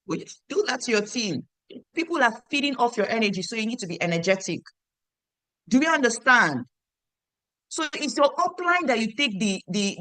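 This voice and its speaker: A woman coaches her sales team in a dry, close recording. She drives her points home with repetition and keeps asking her listeners questions. Her pitch sits in a middle range. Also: fairly bright tone, dry recording. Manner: emphatic and repetitive, quizzing listeners. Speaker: team leader training her downline. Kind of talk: motivational team training talk.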